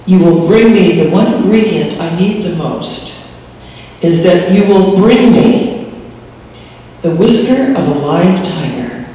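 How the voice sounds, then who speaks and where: A woman voicing an old male hermit healer who speaks in a slow, measured, commanding way, in an echoey hall. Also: lowish voice, animated, warm tone. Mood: calm. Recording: echoey hall, distant mic.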